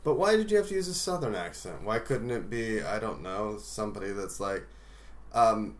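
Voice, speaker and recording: A man co-hosting a podcast, teasing his partner and cutting in with quick questions. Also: lowish voice, animated. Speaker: podcast co-host. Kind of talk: casual chat.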